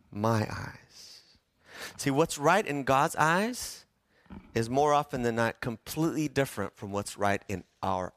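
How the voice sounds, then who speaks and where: A man preaching a sermon to his congregation, animated, asking them questions and acting out quoted voices. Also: mid-range voice, no echo, clean studio sound. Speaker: pastor. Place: church sanctuary.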